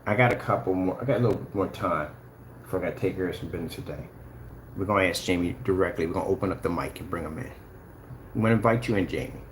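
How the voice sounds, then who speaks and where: A man's voice: low voice, racing, a little hiss or hum. A man giving casual, taunting livestream commentary, full of sing-song mockery. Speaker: channel host.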